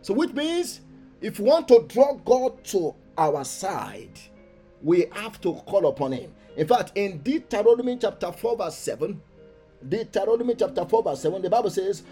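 Brief: high-pitched male pastor, fervent sermon delivery, soft asides rising to loud declarations, faint music underneath. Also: sing-song, moderate pace, slightly rough. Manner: emphatic preaching, swinging between soft asides and loud proclamations; repeats key phrases for emphasis. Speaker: pastor leading a morning prayer meeting.

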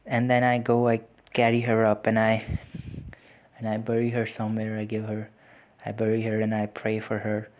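A young man hosting a podcast, recounting a painful loss in a halting way, with repeated words and sighs, close to tears. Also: lowish voice, completely flat delivery, darkish tone, a little hiss or hum. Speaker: podcast host. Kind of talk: personal reflective storytelling.

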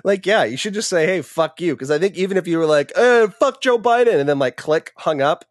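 Higher-voiced profane podcast co-host. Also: male voice, quick pace, no echo, studio quality. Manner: profane, agreeing, riffing. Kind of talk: casual chat.

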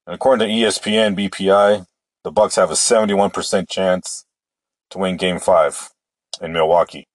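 A man's voice: deep voice, fairly even intonation, normal speed, no room sound. A man hosting a casual solo sports show, opinionated and rambling, often restarting his sentences. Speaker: sports podcast host.

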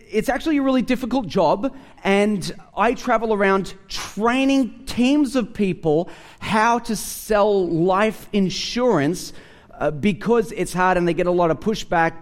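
A high-pitched Australian man preaching in a relaxed, conversational way. He tells stories and acts out the dialogue in different voices, his pitch climbing and falling as he goes. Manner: conversational, animated storytelling with acted-out dialogue. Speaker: pastor. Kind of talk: sermon with storytelling.

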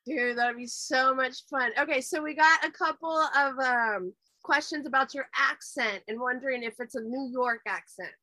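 Bright, high-voiced woman host. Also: moderate pace, dry recording. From Santa Cruz, California. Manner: enthusiastic, reads viewer questions. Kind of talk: casual livestream chat.

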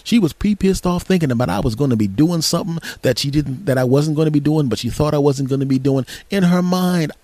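A male comedian hosting his own podcast, telling a story in an animated, rambling, repetitive way. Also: a little high, fast, hardly any pauses, dry recording.

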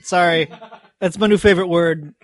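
A man's voice: high-pitched, steady tone, normal speed, no room sound, studio quality. A man as a podcast guest, playful in casual chat, acting out scenes as he talks. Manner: playful, acts out scenes in funny voices.

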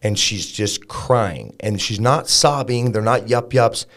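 This man's voice is lowish, a bit bright, and slow-paced. Appearing as a podcast guest, he tells a raw story from his own life in a candid interview, speaking frankly and casually with plenty of swearing and filler words.

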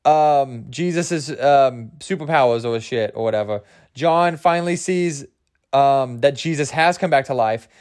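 A man hosts a podcast solo, delivering a loose, rambling, casual monologue packed with jokes, swearing, fillers and restarts. His voice is medium in pitch, a little mellow and clean, at a measured pace.

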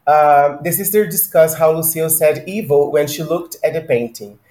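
A man's voice: fairly high pitch, normal speed, a little mellow. A man co-hosting a casual book discussion podcast, chatty and laughing easily, with frequent ums. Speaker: podcast co-host. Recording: roomy echo.

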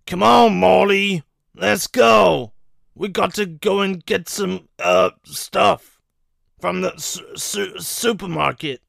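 A man putting on a loud, impatient impression of a cranky old male cartoon scientist, shouting in hurried, stumbling bursts. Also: high voice, vocal fry, no room sound, studio quality, pitched above the performer's own voice, exaggerated voice. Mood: bossy.

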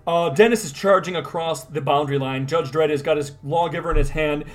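Brief: male co-host, slightly high voice, wry and exasperated, casual. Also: fairly quick. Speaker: podcast co-host. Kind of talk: casual comic read-along chat.

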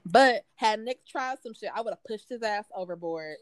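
A woman in her twenties tells a rowdy story in loose, casual chat, laughing often and jumping up in pitch whenever she quotes someone. Her voice sits in a middle register. It is recorded close and dry, with no room sound. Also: normal speed, no room sound. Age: 20s. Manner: animated, laughing, acts out quotes in a higher voice.

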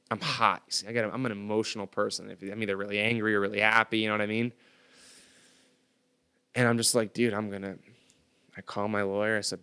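A young man in his twenties, a podcast guest, telling a story in casual slangy talk, getting loud when he acts out his anger. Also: on the low side, fairly even intonation, a little fast, long pauses, clear, resonant tone. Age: 20s.

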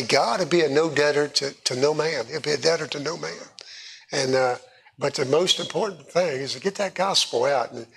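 Halting man preaching. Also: on the high side, vocal fry, a bit bright, slightly rough. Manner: halting, repeats words and restarts. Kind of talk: sermon testimony.

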